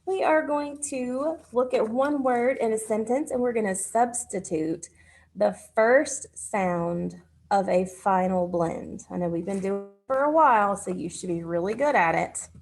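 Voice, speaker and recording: A woman teaching a phonics lesson to children, speaking patiently and pausing for their answers. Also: mid-range voice, gravelly.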